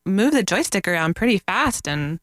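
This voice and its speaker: A woman guest on a radio show talks in a mid-range voice, candid and quick to laugh at herself. She sits close to a studio microphone, and the sound is dry with no room echo. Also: medium pitch, big pitch swings, a bit bright. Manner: candid, self-deprecating, giggly. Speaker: guest blogger. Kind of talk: casual radio interview chat.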